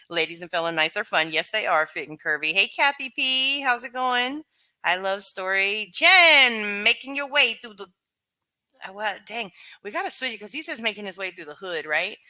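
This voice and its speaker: A woman's voice: medium pitch, lively intonation, normal speed, pushed and bright. A woman live streamer chatting casually with her viewers, rambling and full of fillers.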